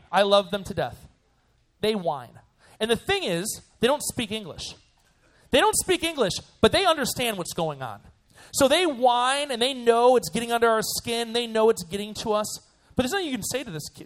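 Young guy youth pastor, high voice, jokey lively sermon to students. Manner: animated and joking, acts out voices.

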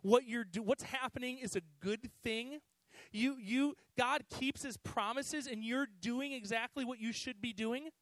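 A man's voice: very high-pitched, measured pace, a bit bright, dry recording, low-quality recording. A man giving a conversational sermon to students, with frequent "you know"s and restarts. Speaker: youth pastor.

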